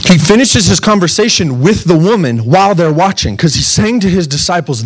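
A man's voice: high-pitched, fairly quick, hardly any pauses, husky. Earnest man preaching a sermon. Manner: earnest, animated preaching with frequent questions to the congregation. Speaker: pastor.

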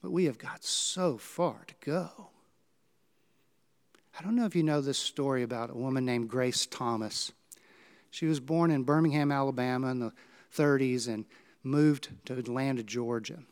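A male pastor, preaching a sermon and telling stories with dramatic swings in pitch and volume. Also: normal speed, smooth.

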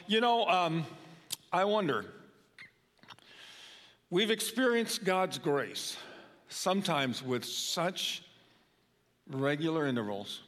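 A man's voice: medium pitch, fairly bright tone. Older man preaching in a reverberant church. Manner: conversational, with fillers. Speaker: guest preacher. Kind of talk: sermon. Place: church sanctuary. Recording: long hall reverb.

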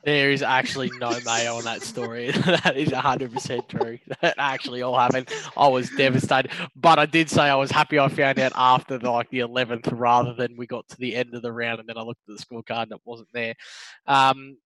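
A man's voice: mid-range voice, flat delivery, brisk, a bit bright, poor audio. A man with an Australian accent co-hosting a podcast, laughing at himself and swearing in casual banter. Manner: laughing, self-mocking, profane. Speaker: podcast co-host.

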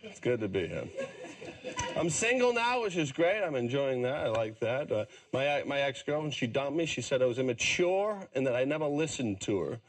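A man's voice: sing-song, moderate pace. A man with an American accent performing a stand-up comedy set, punchy and exaggerated. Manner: punchy, exaggerated delivery with big pitch swings.

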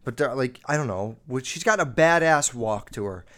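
A man hosting a podcast, telling a story in a rambling, foul-mouthed way, full of "like", his voice jumping up and down as he gets worked up. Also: normal speed. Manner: rambling, heavy swearing, lots of "like"; animated, jumping up and down in pitch while recounting. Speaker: podcast host. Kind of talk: casual storytelling monologue.

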